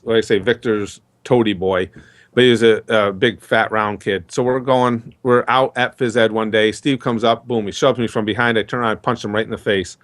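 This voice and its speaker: A middle-aged man settles into a long, rambling story, acting out what everyone said. His pitch sits in an ordinary middle range, and the delivery stays chatty and unhurried. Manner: chatty, rambling storyteller who acts out dialogue. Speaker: interview guest. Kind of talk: storytelling in a casual interview.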